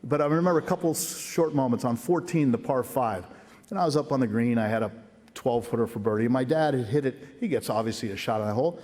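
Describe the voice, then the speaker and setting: A man's voice: medium pitch, quick pace, darkish tone. Middle-aged man speaking in an echoing hall. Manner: folksy, earnest anecdote telling. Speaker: hall of fame inductee. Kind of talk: acceptance speech with storytelling. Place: large ceremony hall. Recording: long reverb of a big hall.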